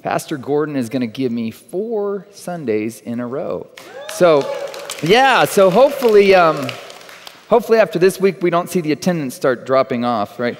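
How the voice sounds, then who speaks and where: Joking pastor in a reverberant church. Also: male voice, on the high side, moderate pace, slight background noise. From Texas. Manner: conversational, joking, animated. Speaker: guest teaching pastor. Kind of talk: sermon with humorous storytelling. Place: church sanctuary.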